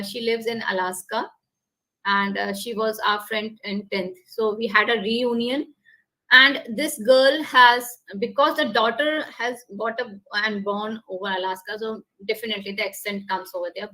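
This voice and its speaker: A woman's voice: fairly high pitch, bright, forceful tone, low-quality recording. Indian woman leading a public speaking webinar. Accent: Indian English. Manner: instructive, repetitive, leads breathing exercises. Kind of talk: online workshop talk.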